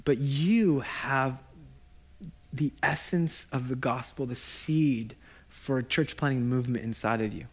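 A man in his thirties, a pastor giving a sermon, joking and animated and laughing at his own lines. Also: mid-range voice, unhurried.

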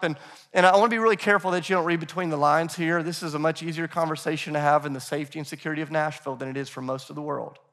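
In a Nashville church, a pastor with a fairly bright, higher-pitched voice preaches informally to the congregation, whom he calls "guys." He brings scripture figures to life by acting out their quoted voices.

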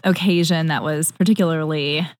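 Hospital nurse lady chatting about a rough patient, slightly low voice. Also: steady tone, moderate pace. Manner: conversational, laughs along. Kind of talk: casual chat.

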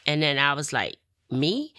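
A middle-aged woman, telling her personal testimony in an animated way and acting out what others said. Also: low voice, a little slow, no echo, clean studio sound. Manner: animated, acts out quoted voices, laughs often. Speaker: testimony speaker.

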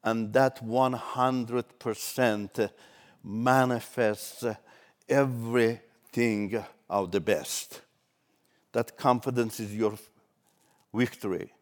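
A man preaching a sermon, swinging between loud emphatic declarations and soft asides. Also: mid-range voice, fairly even intonation, slow.

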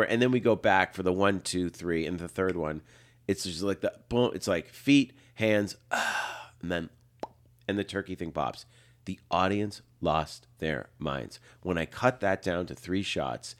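A man around fifty, a film director, telling animated anecdotes as a guest and acting out the lines he quotes. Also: sits low. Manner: lively storyteller, acts out quotes, laughs often.

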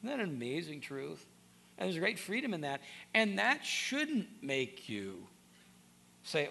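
Earnest preaching man with gravelly voice. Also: on the high side, huge pitch swings, a little slow, bright, forceful tone. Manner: earnest, repeats words when starting sentences. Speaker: pastor. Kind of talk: sermon.

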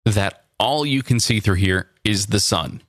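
A man's voice: lowish voice, unhurried, fairly bright tone, no room sound. Rambling man on a casual podcast. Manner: rambling, restarts, dry asides. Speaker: podcast co-host. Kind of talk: casual chat. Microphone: video call.

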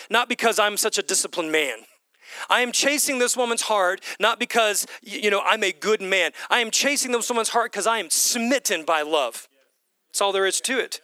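A middle-aged man preaching a sermon in an animated way, repeating key phrases for emphasis. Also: high-pitched, no room sound. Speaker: pastor.

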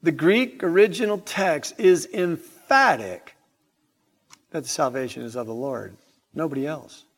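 Slow emphatic preacher man, hall reverb. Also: a little high, expressive, a bit bright. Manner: slow, emphatic, rhetorical questions. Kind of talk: evening sermon. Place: church sanctuary.

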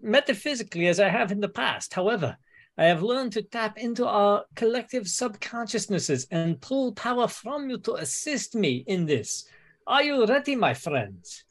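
Solemn mystic, high lively voice, formal , played by a man. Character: earnest male mystic addressing his friends.

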